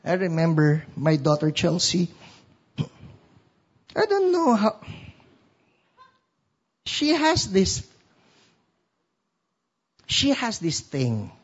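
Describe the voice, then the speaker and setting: A man with a Filipino accent preaching a sermon as pastor, telling a story in an animated way. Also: high-pitched, drawn-out words, long pauses, husky, dull audio. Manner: storytelling, animated, code-switching.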